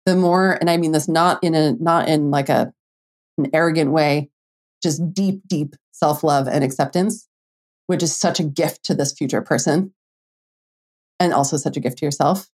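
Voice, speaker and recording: Chatty lower-pitched woman podcast coach. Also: normal speed, darkish tone. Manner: casual, chatty, lots of "like", mild swearing, playful quoted inner voices. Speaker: dating and manifestation coach, podcast host. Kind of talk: solo podcast monologue.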